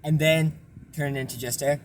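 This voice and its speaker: A young man casually explaining a vocal technique in a relaxed, rambling way with lots of fillers. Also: a little high, moderate pace, noisy background. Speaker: self-taught vocal tutorial maker.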